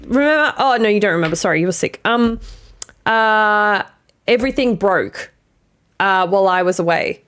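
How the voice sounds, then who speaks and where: A woman streaming a game live, chatting casually with her viewers, giggly and quick to swear and apologize. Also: mid-range voice. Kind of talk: casual live-stream chat while gaming.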